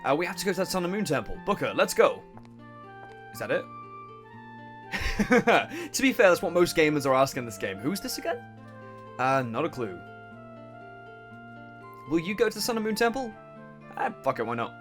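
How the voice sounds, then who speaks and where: A young man giving casual, swearing, laughing commentary on a game he plays, and he keeps clearing his throat. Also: fairly high pitch, big pitch swings, moderate pace, pauses often, a bit bright, faint music behind. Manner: chatty, swearing, laughs a lot, self-interrupting. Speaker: let's play host.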